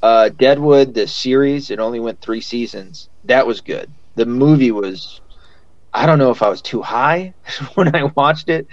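A man's voice: medium pitch, measured pace, dry recording, muffled recording. A man hosting a podcast in casual chat, rambling with lots of fillers and swearing freely. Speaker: podcast host.

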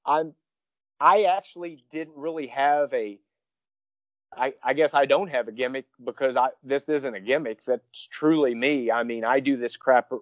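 Excitable rambling male wrestler, dull recording. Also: medium pitch, moderate pace, no echo. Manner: excitable and rambling, with frequent restarts. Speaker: professional wrestler guest. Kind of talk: casual storytelling in an interview.

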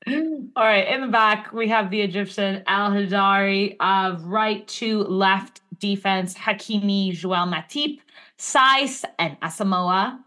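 A woman's voice: medium pitch, takes it slowly, bright, forceful tone. A woman guest on a football podcast who thinks aloud, hesitating with lots of likes and restarts. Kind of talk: casual football podcast debate.

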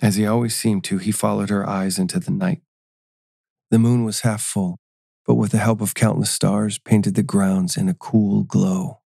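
Man reading a story, low and gravelly, mellow dark tone, dry close mic. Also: little pitch movement, no room sound. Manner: measured, storytelling. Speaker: narrator. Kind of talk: scripted narration.

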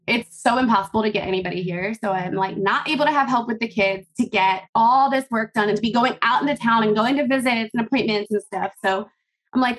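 A woman in her thirties talks through a long story as a podcast guest, rambling and animated, dropping fillers as she goes. Her voice sits a little high and swings up whenever she acts out her own past thoughts. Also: a little fast. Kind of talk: casual interview chat.

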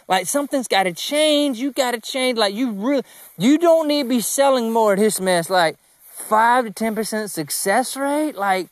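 A man hosting his own podcast, talking casually about business in a rambling, animated way, with emphatic repeated no's and self-deprecating asides. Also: very high voice, normal speed, no room sound. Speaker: podcast host.

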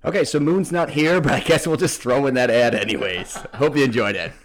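A man hosting a podcast in loose, casual chat. He rambles and swears freely, with filler words strung between his thoughts, at an ordinary mid pitch. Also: fairly quick. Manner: rambling, profane, many fillers. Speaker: podcast host.

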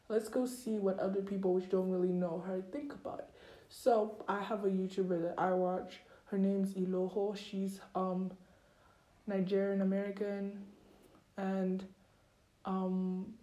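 A woman's voice: medium pitch, dark tone. A teenage girl hosting a podcast, chatting casually and gossiping in a rambling way, full of filler "likes". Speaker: podcast host. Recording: roomy echo.

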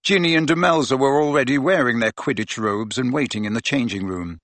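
A man's voice: mid-range voice, fairly quick, a bit bright, dry recording. A man reading a novel aloud as a narrator, telling the story expressively. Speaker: audiobook narrator. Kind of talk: scripted narration.

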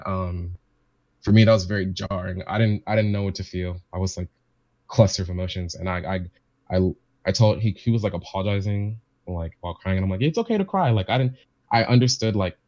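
Low-voiced man telling a rambling story. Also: darkish tone, no room sound, lo-fi sound. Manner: rambling, repeats himself, quotes family members. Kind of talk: casual chat, personal story.

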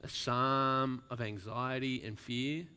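A man preaching at a slow, deliberate pace, reading a story aloud to his congregation. His voice is bright and crisp, and he lets lines fall almost to a whisper for emphasis. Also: mid-range voice, fairly even intonation. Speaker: pastor. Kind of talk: sermon with a read-aloud story.

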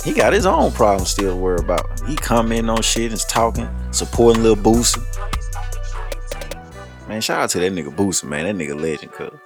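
A podcast host with a fairly low, sing-song voice talks fairly quickly over music playing underneath. He speaks loosely and profanely, laughing in a casual way.

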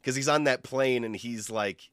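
A man's voice: medium pitch, moderate pace, a bit bright, clear, resonant tone, no room sound, clean studio sound. A man co-hosting a casual podcast chat, a bit nasal from allergies, rambling and laughing as he talks. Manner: rambling, laughs often, self-interrupting. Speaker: podcast co-host.

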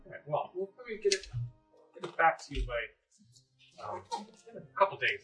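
A woman game master voicing a busy, brisk university headmistress, polite and a little distracted. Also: deep voice, big pitch swings, a bit bright, soft background music, pitched above the performer's own voice, low-quality recording.

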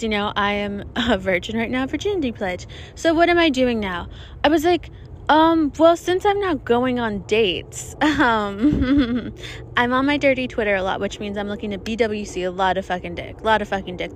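A woman's voice: fairly high pitch, a little hiss or hum. Profane, chatty young woman podcaster outdoors. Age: young adult. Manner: chatty, profane, self-mocking, often laughing. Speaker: podcast host. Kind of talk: casual solo podcast monologue. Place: outdoors in the desert, planes passing overhead. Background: passing airplanes.

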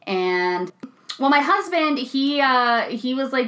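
A young woman in a studio, casually chatting as a podcast co-host, animated and quick to laugh as she acts out what people said. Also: high-pitched. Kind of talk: casual chat, storytelling. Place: recording studio.

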